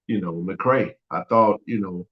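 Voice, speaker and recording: A man hosting a sports podcast, talking casually and teasing rival fans, his voice jumping up when he gets worked up. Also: measured pace. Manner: animated, teasing, rising high when excited. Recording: roomy, dull lo-fi sound.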